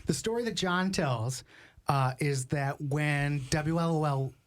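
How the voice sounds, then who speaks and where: A man's voice: fairly high pitch, unhurried. A man asking playful, teasing questions in casual chat.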